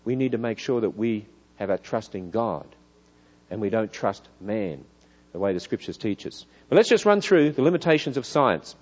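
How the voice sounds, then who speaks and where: A middle-aged man with an Australian accent, preaching in a church hall, lively and full of rhetorical questions. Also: on the low side, normal speed, highs cut off. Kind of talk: church lecture.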